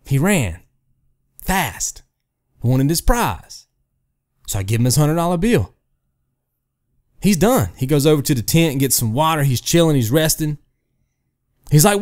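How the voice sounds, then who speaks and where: Gaming host, male, slightly high voice that swings a lot; talks straight to camera, makes his point with made-up stories and keeps asking "right?". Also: very animated, measured pace, pauses often, darkish tone. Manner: storytelling with hypotheticals. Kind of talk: casual rant to camera.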